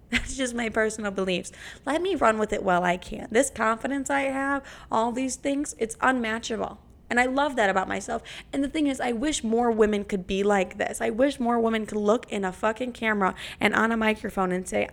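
Brash, creaky-voiced young woman podcaster. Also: a little high, fairly quick. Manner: brash, profane, dramatic. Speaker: podcast host. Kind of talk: casual podcast monologue.

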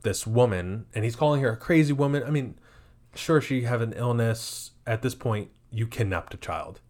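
A man's voice: medium pitch, normal speed, darkish tone. A man co-hosting a podcast in casual chat, joking around and swearing easily. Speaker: podcast co-host.

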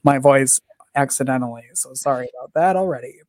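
A man hosts a casual live podcast chat, rambling with plenty of fillers and poking fun at himself. His mid-range voice has a darkish tone and moves a little fast, with no echo.

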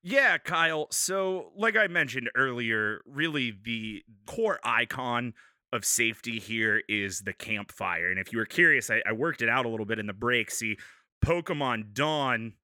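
A man pitching an imaginary game on a comedy podcast, rambling and amused, trailing off mid-thought. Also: animated, measured pace, pushed and bright, no room sound, studio quality.

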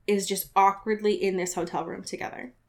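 A woman's voice: mid-range voice, little pitch movement, a little fast, a little mellow. A woman co-hosting a casual book podcast, chatty and full of fillers, often breaking into laughter. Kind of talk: casual chat recapping a book.

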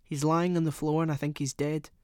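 A man voicing a bright, breathless housewife. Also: mid-range voice, moderate pace, no room sound, clean studio sound, lightly acted. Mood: frantic. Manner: bright, then tearful and frantic. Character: cheerful housewife hiding a dark secret. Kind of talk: audiobook character reading.

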